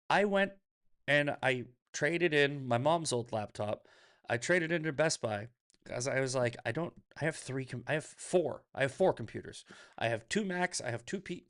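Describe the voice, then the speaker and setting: A man hosting a livestream, ranting casually and profanely, laughing often and reading viewer comments aloud. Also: mid-range voice. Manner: reads chat comments aloud. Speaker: livestream host.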